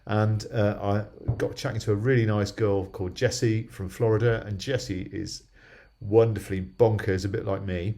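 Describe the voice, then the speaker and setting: A man's voice: on the low side, fairly even intonation, moderate pace, mellow. An older man from southwest England, chatting in a casual video diary, rambling and checking in with the listener. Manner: chatty, rambling, frequent "yeah?" tags. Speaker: video diarist.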